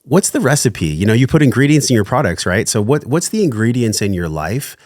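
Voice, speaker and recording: A man hosting a podcast, talking in an earnest, heartfelt way and thanking his guest warmly. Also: mid-range voice, big pitch swings, fairly quick, dry recording, studio quality. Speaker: podcast host. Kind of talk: casual interview chat.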